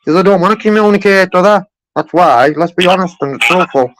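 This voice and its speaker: A man's voice: high voice, brisk, noisy background. A man making a heated phone complaint, insistent and repetitive, filling his talk with "you know what I mean". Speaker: caller.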